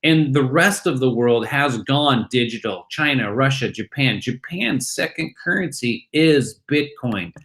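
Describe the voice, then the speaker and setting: A middle-aged man, a guest from a crypto company, talking excitedly in an interview and acting out snippets of conversation. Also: medium pitch, unhurried, few pauses. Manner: excited, acts out bar chatter in voices. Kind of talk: animated interview talk.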